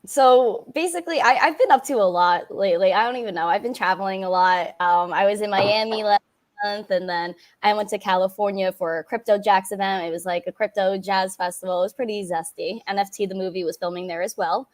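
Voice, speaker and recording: A woman's voice: mid-range voice, brisk. Bubbly young woman with a New York accent. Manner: bubbly, giggly, lots of "like". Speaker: guest. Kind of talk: casual chat.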